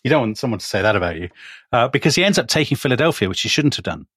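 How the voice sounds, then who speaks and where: A man's voice: mid-range voice, big pitch swings, rapid-fire, fairly bright tone, slight background noise. Chatty man telling history. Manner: chatty, teasing storyteller. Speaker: podcast co-host. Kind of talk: casual history chat.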